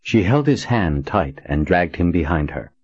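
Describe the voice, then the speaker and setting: Deep male reader, steady narration; dry, lo-fi booth sound. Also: a little slow, husky, no echo. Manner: steady, even reading. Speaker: audiobook narrator. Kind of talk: scripted narration. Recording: dull dry recording.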